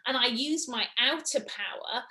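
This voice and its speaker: A woman guest in a casual spiritual conversation, chatty and lively, often acting out what others said. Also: high-pitched, moderate pace. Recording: roomy echo.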